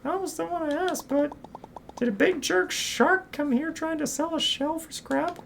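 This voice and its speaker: A woman voicing a timid, earnest young crab who gets shrill when startled. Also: normal speed, gravelly, slight background noise.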